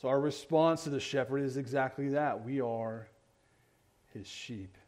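Earnest preaching man, mid-pitched. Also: measured pace. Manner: earnest preaching, keeps asking the congregation "right?"; swings between loud emphatic lines and quiet low ones. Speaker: pastor. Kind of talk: sermon.

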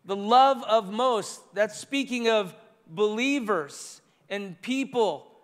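A man's voice: high-pitched, slow. A man preaching a sermon as pastor, earnest and repetitive in his phrasing. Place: church sanctuary. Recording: long reverb of a large church hall.

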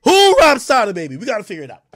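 Man, high voice, very lively pitch, reaction commentary, shouting then muttering, dry close mic. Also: rapid-fire, no echo. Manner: loud, laughing, swings from shouts to mutters. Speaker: hip hop commentary streamer.

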